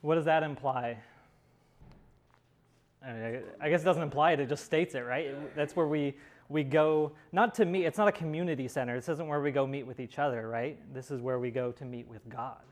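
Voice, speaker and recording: A man teaching a Bible study class in a conversational way, with many pauses and restarts. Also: a little high.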